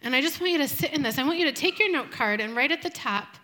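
A young woman giving a devotional talk to a group, speaking slowly and earnestly with reflective pauses. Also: high voice, pushed and bright.

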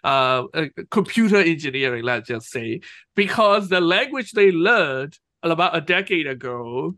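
A man's voice: a little high, big pitch swings, unhurried, sharp tone, no room sound. A man co-hosting a podcast, rambling through a casual TV episode recap and laughing at his own jokes. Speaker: podcast co-host.

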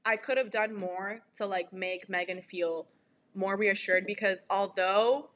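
A young woman in casual conversation, talking quickly and laughing often as she chimes in. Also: mid-range voice, steady tone, a bit bright, slight background noise. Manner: quick, laughing, supportive interjections. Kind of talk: casual chat.

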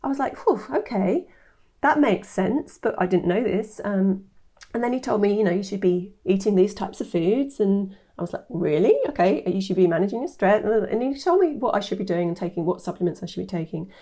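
Woman in her 50s, warm mellow tone, animated storytelling. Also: medium pitch, fairly quick. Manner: animated, acts out quoted voices. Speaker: guest, nutritionist. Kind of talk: interview storytelling.

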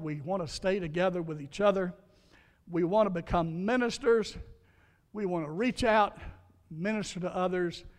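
A man's voice: sits high, in a large hall. A man preaching a sermon, telling folksy stories and repeating key lines for emphasis. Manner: folksy storytelling, emphatic repetition. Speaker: pastor.

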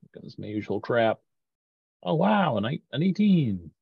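A man's voice: medium pitch, sing-song, measured pace, creaky, breathy edge, dry recording. A man speaking as a player in a tabletop game, joking and running himself down. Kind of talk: casual tabletop play. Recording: dull, dry, lo-fi recording.

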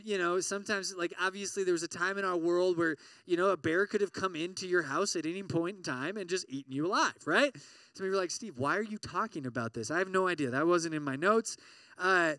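A man preaching to college students, animated, asking the crowd questions and acting out worried inner voices. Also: sits high, no room sound, far from the mic. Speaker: pastor.

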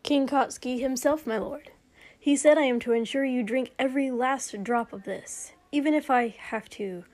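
A woman voicing a formal, polite young male attendant who speaks briskly and a little too cheerfully. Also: sits high, a little mellow, lightly acted. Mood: insistent.

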